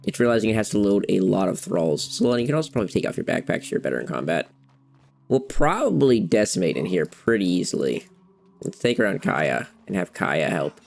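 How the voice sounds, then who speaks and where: A gamer with a low, creaky voice gives brisk, very animated commentary at a desk mic. His gameplay talk is rambling and playful, and between moments in the game he chats to his cats.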